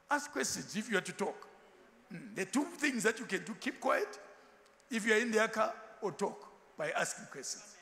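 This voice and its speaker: A man preaches with a high, lively voice that swings widely in pitch. His tone is bright and forceful. The long echo of a large church hall trails behind his words. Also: a little fast. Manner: animated, switching into Ndebele asides and acted quotes. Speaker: pastor. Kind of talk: sermon.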